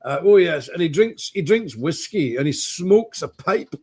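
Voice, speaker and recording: A man mimicking a sanctimonious, pious male politician in slow, prim, mocking tones. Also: a little high, lively intonation, a little mellow, husky, voice pushed up.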